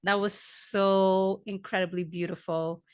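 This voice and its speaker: A woman podcast host with a mid-pitched voice who gushes with praise and answers her guest with quick, encouraging affirmations. Her tone stays chatty and conversational throughout. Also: level tone, clear, resonant tone. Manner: warmly effusive, short affirmations.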